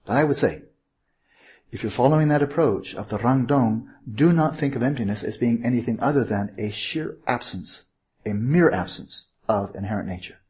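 A man's voice: medium pitch, normal speed, darkish tone, slightly rough. A man giving an informal Buddhist teaching, digressive and self-correcting, posing rhetorical questions to his listeners. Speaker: meditation teacher.

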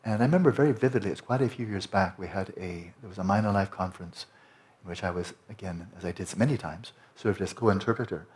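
A man's voice: low-pitched, fast. A man who teaches Buddhism giving an earnest, discursive lecture with many self-corrections and restarts.

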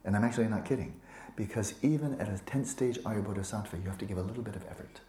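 A man teaching meditation to a retreat group, relaxed and playful, often sinking into a soft whisper and teasing students by name. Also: lowish voice, very fast. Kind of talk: dharma talk to a retreat group. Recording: echoey room with faint ambience.

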